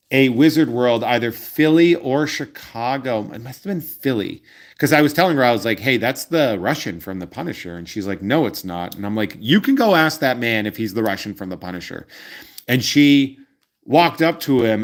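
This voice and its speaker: A man in his forties chats casually with his viewers as the host of a trading card show. He rambles from one story to the next with plenty of ums and uhs, in a middle pitch. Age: 40s. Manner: rambling, chatty storytelling with many fillers. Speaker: card collecting channel host.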